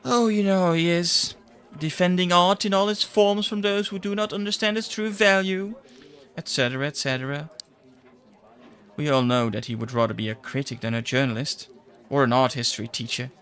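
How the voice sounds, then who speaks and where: A man voicing a young female newsroom secretary who talks in a sarcastic, dismissive way, his voice pushed well up in pitch. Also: normal speed, a bit bright, lightly acted. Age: young adult.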